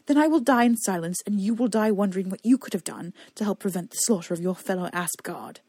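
A woman voicing a captive male enemy knight who talks smooth, cool and coaxing. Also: mid-range voice, fast, darkish tone, no room sound, lightly acted. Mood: heated.

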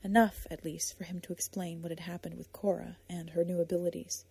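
A woman narrating an audiobook in a soft, measured storytelling manner. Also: on the low side, little pitch movement, gravelly, slightly rough.

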